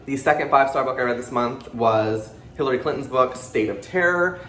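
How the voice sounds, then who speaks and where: A chatty, excitable man rattles off a casual monthly book rundown at a fast clip, jittery and swearing freely. His voice sits at an ordinary middle pitch and echoes around the room, with a faint hum of noise behind him. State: jittery from pre-workout drink. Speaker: book channel host. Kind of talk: casual monthly reading wrap-up. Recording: roomy echo with faint background noise.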